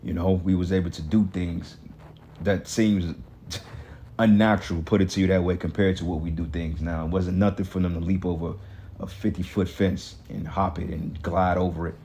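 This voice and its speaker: A man's voice: low voice, flat delivery, normal speed, warm tone, a little hiss or hum. A man preaching an angry, profane street sermon in African American Vernacular English, ranting and cursing between scripture readings. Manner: reads scripture aloud.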